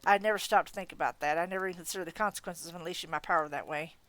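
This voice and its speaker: A woman with a low, slightly tired voice reads a first-person novel aloud, expressive and unpolished. She is recorded close to the mic in a dry, dead room with no echo. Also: racing. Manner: expressive reading, breaking off to laugh and comment. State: voice getting tired. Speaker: audiobook reader. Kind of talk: audiobook reading of a novel.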